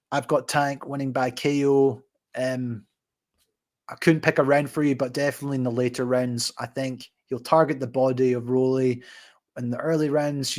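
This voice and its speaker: A man hosting a boxing channel, answering viewer comments on a live stream in a relaxed, chatty way with plenty of fillers. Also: medium pitch.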